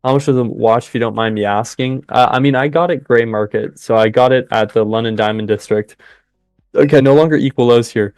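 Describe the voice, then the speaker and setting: A young man hosting a live trading stream, chatting with viewers and cheering the market on in excited bursts. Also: mid-range voice, a little fast, clear, resonant tone, no room sound, clean studio sound, faint music behind. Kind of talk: live trading commentary with chat.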